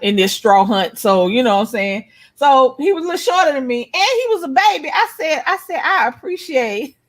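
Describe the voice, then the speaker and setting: A middle-aged woman, telling animated, profane stories in casual chat as a co-host. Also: high voice, fairly quick. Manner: animated storytelling, blunt and profane.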